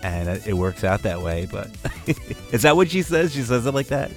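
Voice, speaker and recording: Chill guy radio host rambling on, lively swoopy voice, faint music underneath. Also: fairly low pitch, moderate pace. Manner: laid-back, rambling, chuckles a lot. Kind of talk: casual radio chat.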